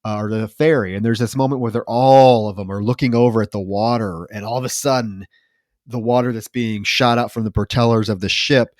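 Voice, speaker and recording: A man co-hosting a podcast, casually retelling a film scene with many fillers and animated asides. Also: lowish voice, brisk, no room sound, studio quality. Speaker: podcast co-host. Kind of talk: casual chat recapping a film.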